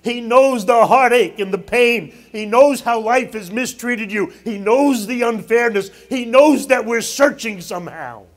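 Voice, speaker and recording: Middle-aged male pastor, high-pitched, sermon delivery with emphatic swells and wry asides. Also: measured pace, hardly any pauses. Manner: preaching with rising emphasis and asides.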